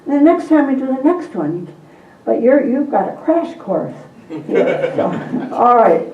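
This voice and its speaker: A woman's voice: high-pitched, very animated, a little slow. Woman teaching from afar in a roomy space. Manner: coaxing, repeats prompts, laughs often. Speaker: Bible teacher for a group. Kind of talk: call-and-response Bible lesson. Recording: distant, roomy and dull.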